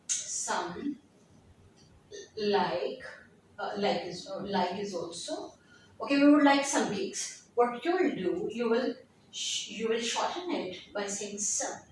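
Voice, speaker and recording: Woman, English teacher, slow repeated examples, slightly high voice, far from mic, faint room noise. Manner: repeats example sentences slowly, restarts often. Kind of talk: spoken English lesson. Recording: very echoey room, distant from mic.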